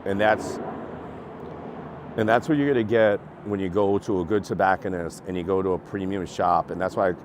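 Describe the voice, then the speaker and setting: Man, casual storytelling, rambling, acts out quotes, lowish voice, faint street noise outdoors. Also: fairly even intonation, normal speed. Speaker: cigar and beer reviewer.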